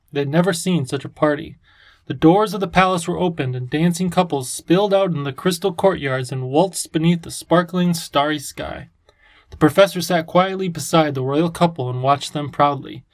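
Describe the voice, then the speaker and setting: A man narrating a children's storybook in a calm, even manner. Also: a little high. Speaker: audiobook narrator. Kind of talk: scripted narration.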